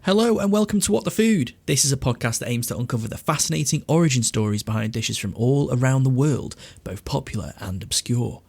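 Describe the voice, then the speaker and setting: A man's voice: mid-range voice, animated, a little fast, creaky, hardly any pauses, a little mellow, husky, soft background music. A man hosting a food history podcast, chatting casually with lots of laughter and swearing. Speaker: podcast host.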